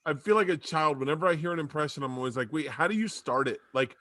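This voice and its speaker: A man's voice: fairly high pitch, quick pace, bright, forceful tone. A man joining a podcast chat, talking casually and poking fun at himself. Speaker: podcast participant.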